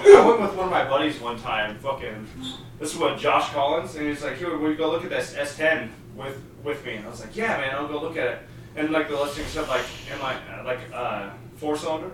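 A man tells rowdy, laughing stories in casual chat, putting on the voices of the people in them. His voice is bright and forceful and sits a little high. He is heard from some way off the mic in a strongly echoing room with faint noise. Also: lively intonation, a little fast. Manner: profane, laughing storyteller, acts out quoted dialogue. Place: room, podcast among friends. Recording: roomy echo, distant mic.

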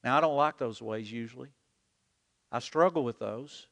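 With a medium-pitched voice marked by vocal fry, a man preaches at a moderate pace as pastor. He delivers an animated sermon in a church sanctuary and leads a call-and-repeat prayer, all under long hall reverb.

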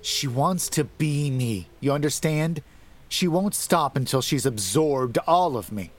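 A man's voice: mid-range voice, animated, unhurried, voice pushed up. A man voicing a frightened wife who is haunted by her dead twin, speaking desperately and breaking into sobs. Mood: earnest.

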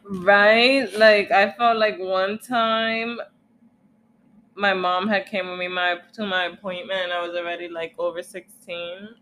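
A woman's voice: mid-range voice, steady tone, a little slow, fairly bright tone, slight background noise. A young woman co-hosting a casual chat, using slang and laughing easily. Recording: echoey room.

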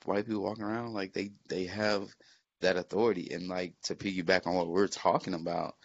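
A man's voice: low-pitched, flat delivery, fairly quick, slight background noise. A man telling a story in casual, profane podcast chat, with lots of fillers and restarts. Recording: muffled lo-fi recording.

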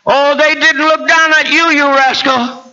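A man preaching a fiery sermon, swinging from low asides to high shouted climaxes and calling out to people in the congregation. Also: level tone, unhurried. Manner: calls out to listeners in the congregation. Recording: dull lo-fi recording with faint noise.

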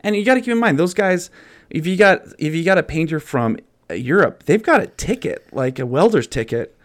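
A man's voice: a little high, animated, fairly quick. A man, a construction contractor, chatting earnestly on a podcast with many restarts. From Canada. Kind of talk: casual podcast chat.

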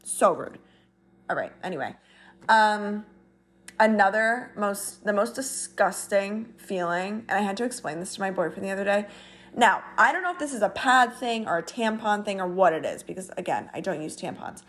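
A woman's voice: mid-range voice, lively intonation, normal speed, fairly bright tone. Young woman vlogging, chatty and blunt, kinda exasperated, just venting to the camera. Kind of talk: casual talk to camera.

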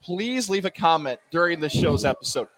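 A man co-hosting a live podcast in casual chat, pitching in and asking listeners to help. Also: animated, moderate pace, fairly bright tone. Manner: chatty, plugs the show to listeners. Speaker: podcast co-host.

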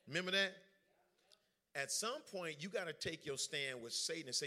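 A man preaching a lively sermon, joking with the congregation and calling for their responses. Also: on the high side, quick pace. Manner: lively, joking, drawls informal speech.

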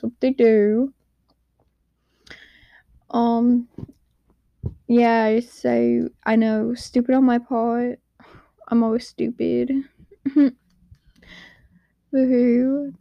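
A teenage girl hosting her own podcast in a quiet room at home, rambling and giggling at herself. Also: fairly high pitch, creaky, no echo, muffled recording. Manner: rambling, giggly, self-deprecating. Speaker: podcast host. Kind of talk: casual solo podcast chat.

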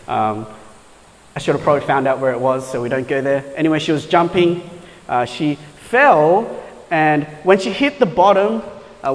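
A man preaching a conversational sermon, often checking in with "right?" as he explains. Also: fairly high pitch. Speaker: pastor. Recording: long hall reverb.

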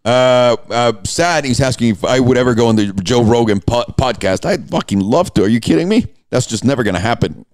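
A man's voice: medium pitch, fairly quick, hardly any pauses, no echo, studio quality. A man hosting a live podcast, chatting casually and joking with a lot of swearing while reading out viewer questions. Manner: animated, profane, jokey, reads chat questions aloud. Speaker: podcast host.

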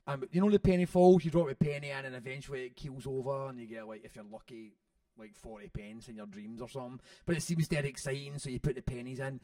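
A man, an author telling stories about his father in an interview, animated and swearing freely. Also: mid-range voice, fast talker, no room sound. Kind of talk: storytelling in an interview. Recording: dry sound from a distant mic.

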